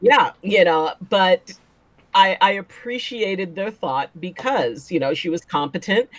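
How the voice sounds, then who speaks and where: A woman's voice: fairly low pitch, lively intonation, unhurried, dry recording. A woman, a chiropractor, guesting on a casual chat show and telling stories animatedly, acting out what people said and laughing often.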